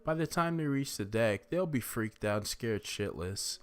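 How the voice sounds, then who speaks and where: A man casually reading a first-person horror story, relaxed and profane in a conversational way. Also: mid-range voice, moderate pace, smooth.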